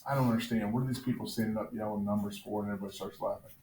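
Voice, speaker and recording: A male teacher telling jokes to his class in a classroom, with a deadpan storytelling manner. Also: on the low side, racing. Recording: echoey classroom, faint noise.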